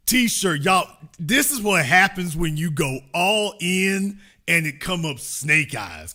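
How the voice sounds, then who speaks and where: A man's voice: sits high, bright, forceful tone. A man hosting a political commentary show, talking in a folksy, teasing way. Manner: folksy, teasing, drawn-out remarks. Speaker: show host.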